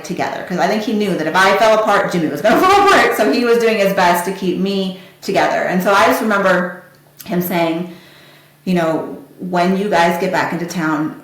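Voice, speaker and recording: A woman hosting a podcast, telling her listeners a personal story and acting out the conversations in quoted dialogue. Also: fairly low pitch. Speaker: podcast host. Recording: very echoey room.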